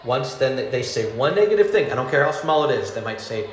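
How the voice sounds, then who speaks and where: A man's voice: medium pitch, very animated, brisk. A man doing a stand-up comedy monologue, rambling with fillers and restarts, laughing at his own jokes and acting out customer voices. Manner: acts out angry and sweet customer voices. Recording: roomy ambience with faint noise.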